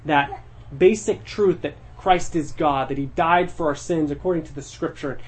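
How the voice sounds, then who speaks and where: A man's voice: a little high, normal speed, husky. A man teaching a church Bible study in a conversational way, explaining the text verse by verse and thinking aloud as he goes.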